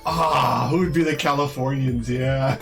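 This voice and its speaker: A man's voice: mid-range voice, steady tone, measured pace, music in the background. A man joining a stream, chatting casually and joking around. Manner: joking, playful. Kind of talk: casual chat.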